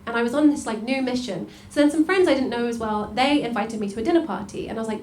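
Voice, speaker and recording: A young woman with a high voice does stand-up, chatty and giggly, filling her lines with "like" as she speaks to the crowd. Her voice echoes around a noisy venue. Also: very fast, few pauses. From United Kingdom. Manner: chatty, full of "like" and laughter, addresses the crowd. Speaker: stand-up comedian. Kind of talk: stand-up comedy. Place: comedy venue stage. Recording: echoey room with loud noise.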